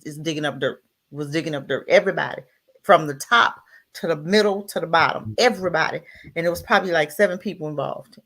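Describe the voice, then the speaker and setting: A woman's voice: deep voice, fairly bright tone. A mother and guest on a talk radio show, talking bluntly and firing off rhetorical questions in casual chat. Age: adult, mother.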